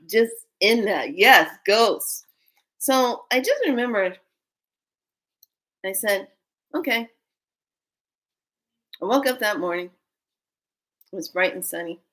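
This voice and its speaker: A woman telling a personal story as a spiritual speaker, expressive and acting out the dialogue. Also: mid-range voice, unhurried, pauses often.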